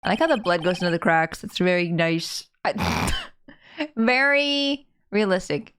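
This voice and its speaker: A woman's voice: fairly low pitch, lively intonation, a little slow, fairly bright tone, slight background noise. A woman streamer chatting casually and giggling as she plays, with game music behind. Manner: giggly, chatty, reacts to chat. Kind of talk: casual chat while playing a game.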